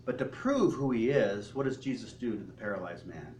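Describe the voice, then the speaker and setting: A male pastor preaching a sermon, telling the story in an animated way and asking the congregation questions. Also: lowish voice, brisk, slight background noise. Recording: echoey hall, faint ambience.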